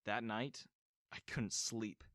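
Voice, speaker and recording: A man narrating an animated story in the first person, telling it expressively. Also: lowish voice, takes it slowly, no room sound, clean studio sound.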